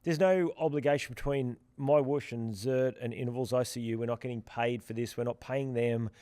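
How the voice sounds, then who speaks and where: A man's voice: mid-range voice, steady tone, moderate pace, warm tone, no echo. A man co-hosting a podcast in casual chat, rambling with many restarts and fillers. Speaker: podcast co-host from the platform's team.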